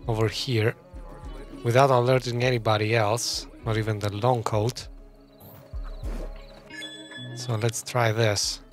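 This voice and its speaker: A man casually commentating a stealth game as he plays, thinking his plans out loud. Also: lowish voice, little pitch movement, takes it slowly, long pauses, faint music behind. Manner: thinking aloud, muttering plans to himself. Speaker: gameplay commentator. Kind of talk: casual let's-play commentary.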